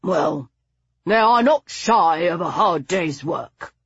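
Woman voicing a gruff grumbling old aristocrat. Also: on the low side, measured pace, a bit bright, muffled recording, full character voice. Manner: grumbling, blunt. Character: gruff older English aristocrat man, irritable.

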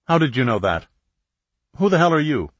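A guarded young man, sharp and curt with strangers, as a male narrator plays him. The voice sits higher and harder than the reader's own low tone, recorded close and dry. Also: very animated, moderate pace, dry recording. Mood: hostile. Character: young male medical student, suspicious and defensive.

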